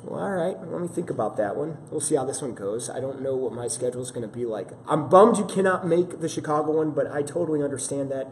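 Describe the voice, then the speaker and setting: A man's voice: medium pitch, expressive, quick pace, hardly any pauses. A man hosting a live fitness stream, chatting casually and apologetically while greeting viewers, recorded through a camera mic. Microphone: camera-mounted mic. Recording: roomy echo with faint ambient noise.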